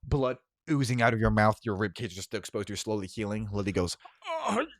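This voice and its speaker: A man's voice: fairly low pitch, fairly quick, no echo, clean studio sound. A man narrating as game master of a tabletop game, casual and full of filler ums.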